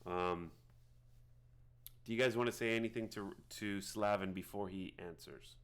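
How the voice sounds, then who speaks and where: Man, game master, fairly low voice, halting narration, lots of fillers. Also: fairly even intonation, clean tone. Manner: halting, many fillers and restarts.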